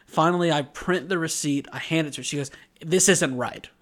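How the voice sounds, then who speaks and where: This podcast co-host speaks briskly in a fairly high voice, spinning a long anecdote during casual chat that mixes an anime recap with storytelling. He's a rambling, animated narrator who acts out the quotes of the people involved.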